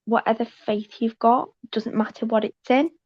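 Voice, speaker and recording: A woman from England with a Liverpool accent, a guest on a livestream, talking earnestly and deliberately slowed down. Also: a little high, steady tone, no echo, dull audio. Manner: earnest, slowed-down, speaks up brightly. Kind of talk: casual livestream chat.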